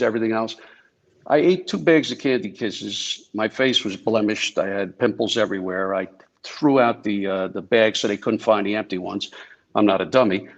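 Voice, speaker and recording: Gravelly man telling stories on a call. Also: fairly low pitch. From New Jersey. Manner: chatty anecdotes with many fillers. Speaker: guest speaker, former Secret Service agent. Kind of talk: casual storytelling talk. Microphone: video call. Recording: lo-fi video call audio.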